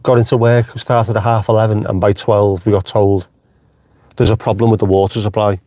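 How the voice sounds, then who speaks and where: A man's voice: on the low side, little pitch movement, brisk, dark tone, dry recording, studio quality. A middle-aged man hosting a casual live stream from inside his car, chatty and jokey, swearing freely and wandering off on tangents. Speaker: vlogger host.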